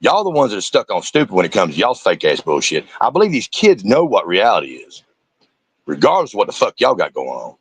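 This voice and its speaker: A man's voice: fairly low pitch, huge pitch swings, fairly quick, slightly rough, no echo. Cussing man ranting on stream. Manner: profane, ranting, confrontational. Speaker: streamer reacting to clips. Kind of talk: angry reaction commentary.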